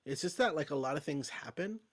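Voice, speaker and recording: Easygoing, slightly high-voiced male host. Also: expressive, fairly quick, a bit bright. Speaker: podcast host. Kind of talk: casual chat.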